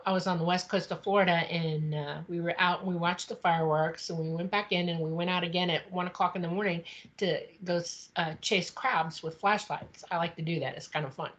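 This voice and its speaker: A woman guesting on an interview show, telling a personal story in a chatty, expressive way. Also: fairly low pitch, normal speed, dull audio. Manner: chatty and expressive, acting out quotes.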